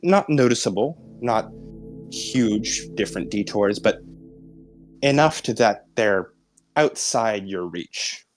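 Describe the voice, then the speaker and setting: A man narrating as game master in a tabletop role-playing game, describing scenes in a halting, searching way. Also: fairly low pitch, lively intonation, soft background music. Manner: descriptive, halting, many restarts and fillers.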